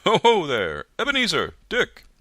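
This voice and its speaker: A man putting on a loud jovial old merchant. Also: high voice, huge pitch swings, normal speed, dry recording, studio quality, voice pushed up, full character voice. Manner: loud, hearty, rich, oily voice. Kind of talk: audiobook character reading.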